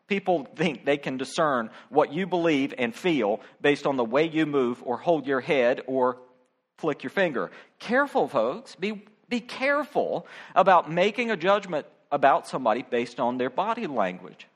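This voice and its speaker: A middle-aged man preaching a sermon as pastor, speaking directly and emphatically to his congregation. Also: on the high side. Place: church.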